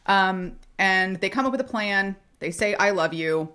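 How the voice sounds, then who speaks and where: A woman's voice: medium pitch, a little slow, sharp tone, clean tone. A woman co-hosting a podcast, chatting casually and animatedly about a TV episode, often laughing and acting out quotes. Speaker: podcast co-host. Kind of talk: casual chat recapping a TV episode.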